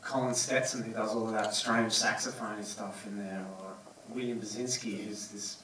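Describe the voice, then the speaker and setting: A film director answering audience questions, halting, with many fillers and restarts. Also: male voice, on the low side, steady tone, sharp tone, recorded from a distance, a little hiss or hum. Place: cinema auditorium. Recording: echoey cinema, voice from afar.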